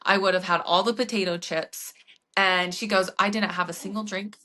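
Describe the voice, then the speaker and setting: A woman's voice: mid-range voice, normal speed. A woman fitness coach hosting a podcast, telling stories in casual chat with lots of "like" and acted-out quotes. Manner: animated storytelling with frequent "like" and acted-out quotes.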